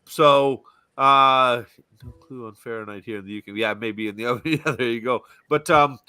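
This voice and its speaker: A man's voice: medium pitch, moderate pace, clean tone. A man hosting a casual podcast chat, telling stories with energy and reading out viewer comments. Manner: animated storyteller, reads out viewer comments. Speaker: podcast host.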